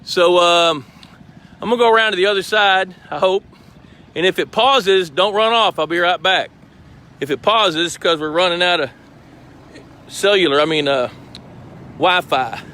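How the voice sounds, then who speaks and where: Walking around a fish truck by a lake with his phone camera, a host live-streams in a high, bright, forceful voice. He talks at a moderate pace with frequent pauses, chatty and explanatory throughout.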